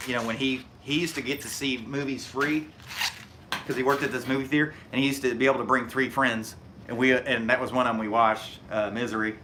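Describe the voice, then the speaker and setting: A man's voice: medium pitch, sharp tone, slight background noise. A middle-aged man with a Hoosier accent from Indiana, chatting casually on his live stream while he works, folksy and rambling with frequent chuckles. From Indiana, USA.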